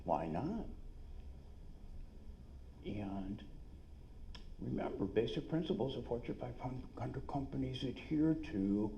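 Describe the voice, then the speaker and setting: A middle-aged man with a New York accent gives an energetic, salesy seminar talk at a conference, full of quick asides. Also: medium pitch, gravelly, slight background noise. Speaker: dentist and business speaker. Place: conference room.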